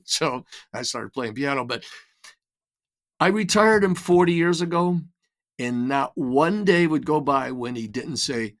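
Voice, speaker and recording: A man's voice: mid-range voice, normal speed. An older man as an interview guest, telling reflective stories in a casual way with frequent restarts and repeated words. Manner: reflective storytelling with many restarts. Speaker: guest, writer and creator.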